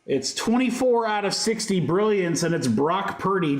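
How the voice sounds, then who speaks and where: A man's voice: high-pitched, lively intonation, normal speed, soft background music. A man hosting a livestream card break, calling out each card with upbeat, joking patter. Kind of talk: live card-break commentary. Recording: roomy echo.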